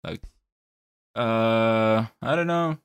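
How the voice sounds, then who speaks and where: A man's voice: fairly low pitch, very slow, clean tone, dry recording. A young man co-hosting a casual gaming podcast, laid-back and giving short replies. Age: young adult. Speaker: podcast co-host. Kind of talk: casual chat.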